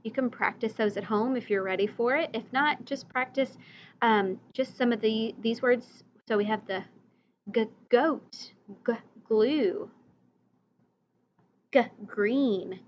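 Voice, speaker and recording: A woman teacher giving a recorded reading lesson, slowly modeling vocabulary words and letter sounds for young children and their parents. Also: on the high side, highs cut off, slight background noise.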